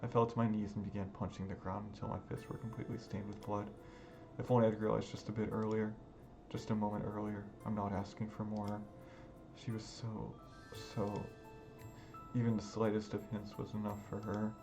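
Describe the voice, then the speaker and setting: A man's voice: fairly low pitch, completely flat delivery, fairly quick. A man reading a visual novel aloud in a dramatic, emotional first-person narration over background music. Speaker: gaming video creator. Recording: music playing underneath.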